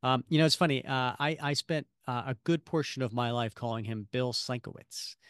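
In a clean, slightly bright, mid-range voice, a podcast co-host speaks a little fast during casual chat. He rambles, using many fillers and restarting his sentences. The audio is studio quality with no room sound.

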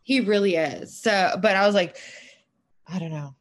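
A woman's voice: mid-range voice, moderate pace. A woman co-hosting a casual gossip chat, rambling and chatty as she talks. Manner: chatty, rambling, many fillers and restarts. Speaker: podcast co-host.

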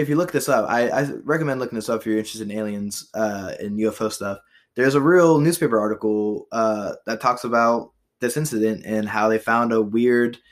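Young dude hosting a podcast, loose and rambly, swears a lot, lots of um and like. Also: male voice, mid-range voice. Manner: rambling, profane, with frequent fillers and restarts. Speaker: podcast host. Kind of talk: casual chat about history trivia.

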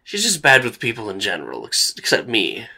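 A man's voice: fairly low pitch, wildly swooping pitch, fairly quick, creaky, sharp tone, heavily acted. Man playing Victor, a pompous theatrical actor. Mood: smoothly apologetic. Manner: theatrical, grandly welcoming. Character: pompous, flamboyant male stage actor.

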